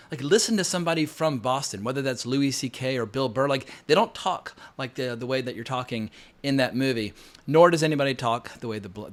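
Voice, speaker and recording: Blunt, opinionated male film critic. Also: mid-range voice. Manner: blunt, opinionated, swears freely. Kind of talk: casual film review monologue.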